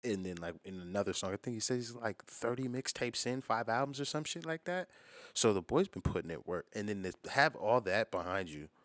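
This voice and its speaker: Deep-voiced American man reacting, dry sound. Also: a little fast, no echo. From United States. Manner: animated, profane, chatty. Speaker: reaction video host. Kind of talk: casual reaction commentary.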